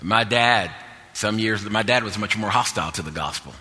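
A preacher man with a bright, pressing edge to a somewhat low voice. He tells his stories earnestly, repeats himself as he goes, and presses hard on his points. His voice rings with the long reverb of a big sanctuary. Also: moderate pace. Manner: earnest, repetitive, builds to emphatic exhortation. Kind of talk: sermon with personal storytelling.

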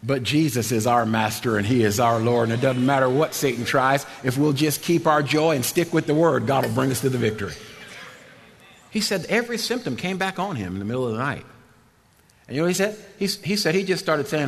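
An older man preaching a sermon, animated and laughing, swinging between loud and quiet. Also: mid-range voice, fast talker. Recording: long hall reverb.

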